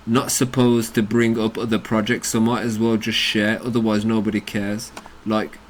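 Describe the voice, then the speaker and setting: A man's voice: on the low side, flat delivery, moderate pace, slight background noise. A British man hosting a crypto channel, ranting bluntly and combatively about a chat argument, with plenty of swearing. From United Kingdom.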